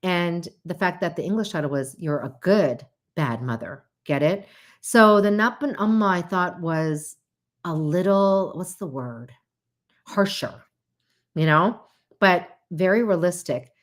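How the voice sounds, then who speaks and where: A woman hosting a casual livestream talk and chatting to her audience, animated, with frequent laughs and asides. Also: measured pace. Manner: animated, acts out quoted voices with big pitch jumps. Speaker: host.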